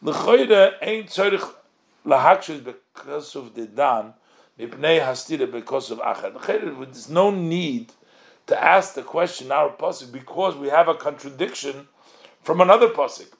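A man's voice: a little high, normal speed, gravelly. A man leads a text study lesson in a slightly raised voice. He reads short Hebrew phrases, translates them line by line, and keeps posing questions about the wording. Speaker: Torah teacher.

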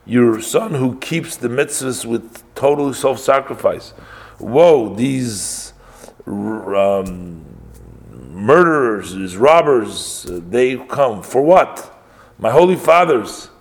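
A man's voice: mid-range voice, expressive, takes it slowly, husky, exaggerated voice. A man voicing a distraught elderly mother who pleads and cries out in a raised voice. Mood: wailing. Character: distraught elderly mother defying arresting police.

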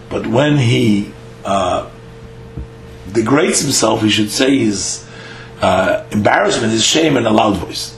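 A man teaching a daily Talmud lesson. He reads a phrase of the text, translates it, and explains it in a halting way with many "uh" fillers. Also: medium pitch, reverberant, slight background noise, rough recording. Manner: reads Hebrew-Aramaic phrases, then translates them.

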